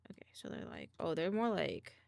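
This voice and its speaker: A woman's voice: fairly low pitch, huge pitch swings, a little fast, gravelly, darkish tone, no room sound. A woman streamer chatting casually while she draws, murmuring half to herself and making little sound effects.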